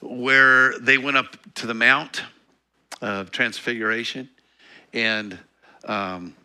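Bright-voiced man preaching conversationally. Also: mid-range voice, steady tone, slow, smooth. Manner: conversational teaching with laughs and self-corrections. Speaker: pastor. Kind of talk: sermon.

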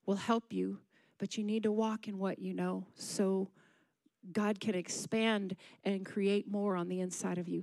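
A woman preaching, her voice sitting at an ordinary middle pitch. She keeps asking the congregation questions and calling for answers. The sound is dry and close, with little room echo. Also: darkish tone. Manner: engages the congregation with questions and call-and-response. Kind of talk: sermon. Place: church service.

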